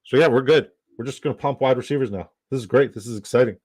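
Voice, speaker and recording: A man's voice: medium pitch, fast, darkish tone, husky, no echo. A man from Canada hosting a live stream in casual chat, rambling, swearing and repeating himself.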